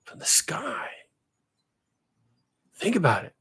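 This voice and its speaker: Man putting on an old folksy president, lowish and husky, halting speech, addressing "folks". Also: expressive. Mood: insistent. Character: folksy older male US president, earnest and plain-spoken. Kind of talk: impression in a monologue.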